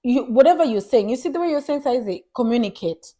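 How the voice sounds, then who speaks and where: Animated young woman chatting. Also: a little high, fast talker. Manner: animated, mimics others in raised voice, mixes Swahili into English. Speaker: podcast co-host. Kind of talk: casual chat.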